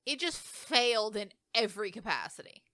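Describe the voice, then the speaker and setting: A woman's voice: mid-range voice, normal speed, dry recording. A young woman co-hosting a podcast in casual chat, opinionated and running through a countdown list. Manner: animated, opinionated, runs the song list. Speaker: podcast co-host.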